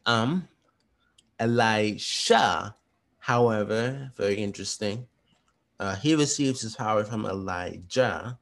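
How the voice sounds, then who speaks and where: Male teacher, somewhat low pitch, chatty and quick, rambling casual explainer. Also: expressive, vocal fry, a bit bright. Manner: chatty, retells stories in slangy voices; fast, rambling with many restarts. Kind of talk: casual study-question walkthrough. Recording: voice message.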